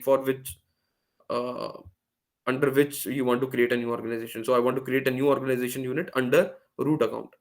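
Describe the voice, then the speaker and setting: A man presenting a live online workshop, explaining step by step with frequent fillers and restarts over a video call. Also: medium pitch. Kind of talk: live screen-share tech demo.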